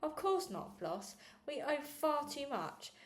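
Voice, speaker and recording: A woman's voice: high-pitched, big pitch swings, takes it slowly, voice pushed up, exaggerated voice. A woman reading aloud, voicing a kind, worried working-class father who speaks tenderly and calls his daughter darling and pet. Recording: echoey room.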